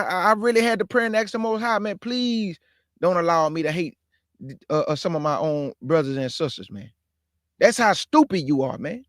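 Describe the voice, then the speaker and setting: A man with a high, fairly bright voice hosts his own livestream in a dry, studio-quality recording. His commentary is impassioned and preachy, full of repeated points, and he calls his listeners family.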